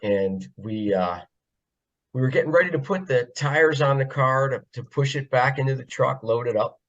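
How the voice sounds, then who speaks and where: A man's voice: medium pitch, moderate pace, a bit bright. A man from the northeastern US, a podcast guest telling casual stories in a jokey, laughing way. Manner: jokey, laughs often, self-described funny guy. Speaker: podcast guest, former pit crew member. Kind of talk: casual storytelling. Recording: slightly dull lo-fi audio.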